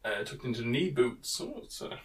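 A man's voice: medium pitch, animated, moderate pace, recorded from a distance. Give me a laughing, swearing man on a podcast. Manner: laughing, swearing, loose banter. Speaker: podcast co-host. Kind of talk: casual book-discussion chat.

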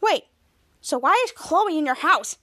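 A woman's voice: sits high, expressive, unhurried, bright, forceful tone, no echo, studio quality, exaggerated voice. A woman voicing a hopeful, eager teenage girl, quoting her lines in her own voice.

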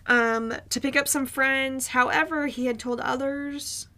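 Podcast co-host, woman, fairly high pitch with vocal fry, loose rambling storyteller. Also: fairly even intonation, a little slow, sharp tone. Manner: rambling with frequent ums and restarts. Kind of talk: casual storytelling chat.

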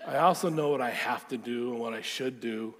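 Animated male preacher in a reverberant hall. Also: medium pitch, fairly quick. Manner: animated storyteller, acting out quotes. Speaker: pastor. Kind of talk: storytelling sermon.

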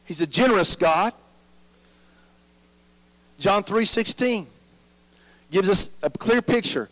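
A man's voice: sits high, lively intonation, takes it slowly, long pauses, fairly bright tone, poor audio. A man preaching a sermon as pastor, drawing the congregation in with frequent "amen?" prompts.

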